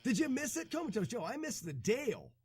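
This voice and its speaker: An excitable male streamer commenting live on his game and shouting whenever something big happens. His voice is high and lively, but he talks slowly. Faint music plays behind him. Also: breathy edge. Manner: excitable, shouts when thrilled.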